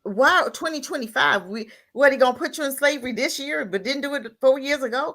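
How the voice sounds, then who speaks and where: A woman's voice: high-pitched, fairly quick, hardly any pauses, sharp tone. A mother and guest on a talk radio show, talking bluntly and firing off rhetorical questions in casual chat. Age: adult, mother.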